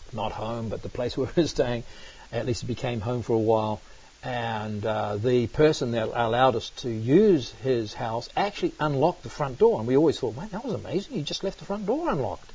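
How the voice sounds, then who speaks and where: Middle-aged New Zealand man preaching in a church, husky, lively storyteller, dull lo-fi recording. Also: medium pitch, moderate pace. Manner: animated, exclaiming "man" often. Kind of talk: sermon with personal storytelling.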